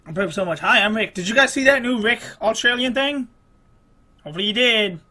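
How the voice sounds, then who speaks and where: A man's voice: high voice, expressive, a little fast, bright, forceful tone. A man playing a video game and commenting as he goes, groaning and exclaiming in exasperation at his failures. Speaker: gamer. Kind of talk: frustrated gameplay commentary.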